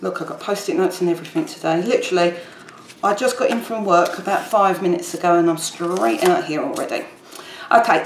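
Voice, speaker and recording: A woman chatting casually as she demonstrates a papercraft project, rambling while she works. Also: medium pitch. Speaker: papercraft tutor. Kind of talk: casual crafting tutorial. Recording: echoey room with faint background noise.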